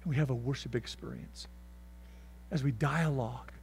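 A man preaching a sermon as pastor, swinging from loud shouts to soft whispers and acting out voices. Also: mid-range voice, moderate pace, gravelly, a little hiss or hum.

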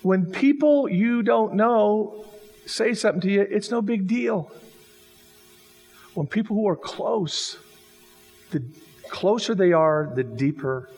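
A man's voice: high-pitched, breathy edge. Man preaching in an echoing hall. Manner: animated, jokey storytelling with acted-out quotes. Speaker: pastor. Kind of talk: sermon. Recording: long reverb of a hall.

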